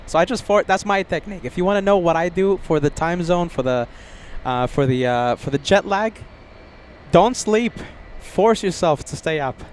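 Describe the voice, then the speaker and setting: Outdoors near an airport, a jet-lagged, drowsy man runs a plane spotting livestream, talking casually to viewers by name. His voice is high and his pace normal, with a little hiss or hum in the audio.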